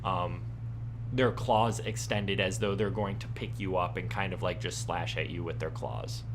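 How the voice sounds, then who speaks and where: Low-voiced man running a tabletop game. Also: steady tone. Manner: halting, full of ums and likes. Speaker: game master.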